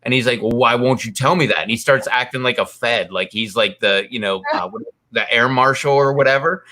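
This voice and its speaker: A man with a bright, forceful voice tells a long story in casual chat. He rambles, stacks up fillers and slips into quick quoted voices as he goes. His pitch sits in the middle for a man. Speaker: co-host.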